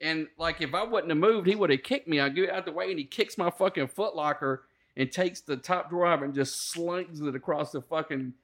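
A Marine veteran, a man, telling boot camp stories in a profane, animated casual chat. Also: fairly high pitch, brisk, hardly any pauses.

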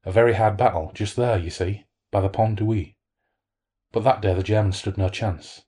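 A man's voice: on the low side, fairly even intonation, moderate pace, warm tone, slightly rough. A man voicing a solemn elderly villager. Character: elderly male French villager, solemn storyteller.

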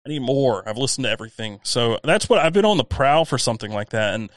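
A man's voice: medium pitch, fast talker, dry recording. Man, faint southern accent, ranting podcast chat, dry close sound. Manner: ranting, animated, swears freely. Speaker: podcast co-host. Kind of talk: casual chat.

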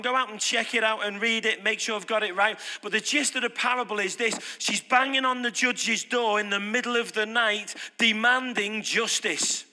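A man's voice: high-pitched, bright, forceful tone. A man preaching an off-the-cuff sermon, emphatic and repeating phrases for punch. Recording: long hall reverb.

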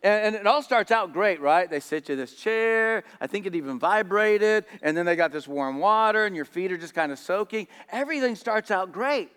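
A man's voice: sits high, lively intonation, moderate pace, few pauses, fairly bright tone, smooth. A man preaching a sermon in storytelling style, often repeating words as he goes. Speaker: pastor. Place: church hall. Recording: echoey church hall.

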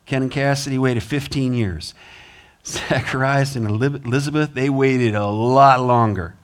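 A man's voice: mid-range voice, normal speed. A man preaching a sermon as pastor, earnest, with rising emphasis, American accent. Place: church sanctuary.

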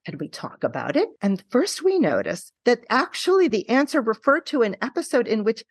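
A woman who teaches qualitative research, guesting on a podcast and telling stories in an animated way, often checking in with "right?". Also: fairly high pitch, moderate pace, hardly any pauses, slightly rough, no room sound. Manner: animated storytelling, frequent tag questions.

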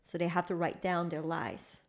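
A woman's voice: on the low side, level tone, moderate pace. A woman co-hosting a podcast in casual chat, talking reflectively and often murmuring agreement. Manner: thoughtful, reflective, frequent affirming murmurs. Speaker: podcast co-host and trainer.

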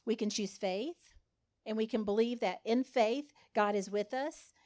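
A woman's voice: a little high, a little slow, a little mellow. Woman preaching conversationally. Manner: conversational, dramatizes quotes with voices. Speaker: speaker. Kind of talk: sermon.

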